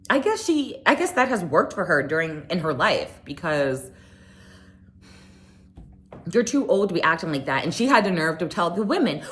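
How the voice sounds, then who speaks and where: Young woman vlogger, slightly low voice, casual and animated reality TV recap. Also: moderate pace. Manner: chatty, opinionated, animated retelling with quoted voices.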